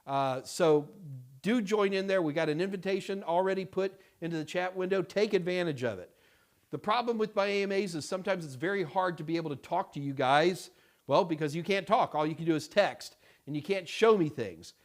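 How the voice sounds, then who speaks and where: A middle-aged man hosting a casual live-stream Q&A, talking in a rambling, halting way with many fillers and restarts. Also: high voice. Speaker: host answering viewer questions.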